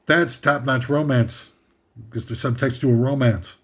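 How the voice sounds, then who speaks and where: A man's voice: medium pitch, steady tone, unhurried. A man hosting a comedic countdown list, ranting sarcastically and rambling with many fillers and asides. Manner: sarcastic, meandering, with frequent fillers and laughs. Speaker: host.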